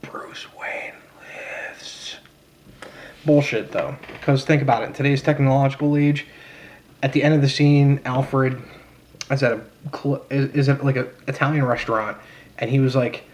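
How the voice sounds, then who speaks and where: A man's voice: mid-range voice, steady tone, moderate pace, a little mellow, a little hiss or hum. Blunt, profane young man ranting. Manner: blunt, profane, sarcastic, with frequent fillers and restarts. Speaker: vlogger reviewing a film. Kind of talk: casual rant.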